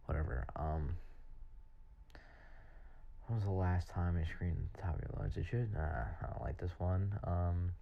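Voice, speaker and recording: A young man hosting a podcast, rambling and halting with lots of fillers. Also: low-pitched, gravelly, slight background noise. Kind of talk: casual monologue answering questions. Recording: dull lo-fi sound.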